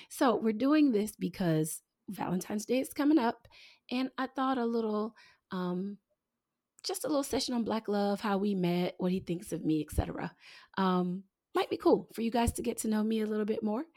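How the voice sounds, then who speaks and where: A woman's voice: medium pitch, warm tone. A woman in her forties hosting a podcast, chatting casually and playfully teasing her guest. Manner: playful teasing, laughing often. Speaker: podcast host.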